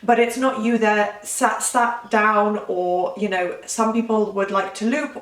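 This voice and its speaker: Woman, vlogging coach, chatty and self-correcting, mid pitch, roomy distant sound. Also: fairly even intonation, a little slow, few pauses. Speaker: manifestation coach. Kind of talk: casual talking-head advice.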